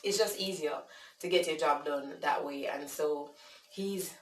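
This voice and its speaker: Low-voiced Jamaican woman telling a story. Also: a little slow, slight background noise. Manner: animated, talks with frequent fillers. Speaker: vlogger. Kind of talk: casual storytelling. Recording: echoey room, distant mic.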